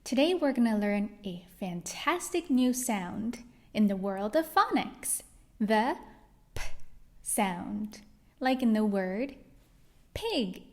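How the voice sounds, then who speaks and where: Cheerful, animated woman teaching kids phonics. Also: medium pitch. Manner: slow, cheerful, exaggerated praise for kids; sounds out letters carefully. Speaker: reading teacher for young children. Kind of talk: children's phonics lesson.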